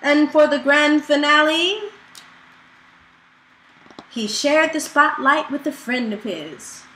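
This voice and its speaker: High-voiced woman reading a children's book. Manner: slow, expressive storytelling. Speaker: storyteller. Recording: echoey room with faint noise.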